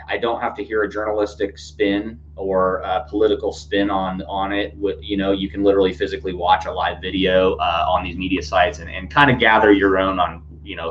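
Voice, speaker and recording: A man's voice: low voice, a bit bright. Rambling man on a lo-fi podcast. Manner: rambling, many fillers and restarts. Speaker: podcast host. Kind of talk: casual news commentary podcast. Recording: dull lo-fi sound with faint hum.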